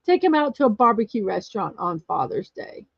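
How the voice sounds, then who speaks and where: A woman's voice: on the high side, sing-song, brisk, vocal fry, husky, dry recording. Chatty woman livestream host, lo-fi. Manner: chatty, laughs often, storytelling. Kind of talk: casual chat reading viewer comments. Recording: dull lo-fi dry sound.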